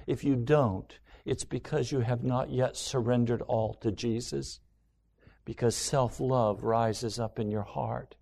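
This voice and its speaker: A man preaching a sermon, slow and deliberate, with dramatic rhetorical questions and voiced asides. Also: mid-range voice, a little mellow. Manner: dramatic, mimics inner voice of self-love.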